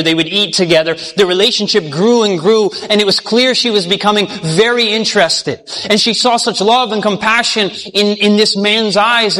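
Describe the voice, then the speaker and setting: A man's voice: sits high, pushed and bright. A man preaching by telling a parable, earnest, often restarting and repeating words. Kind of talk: sermon parable storytelling. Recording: long hall reverb.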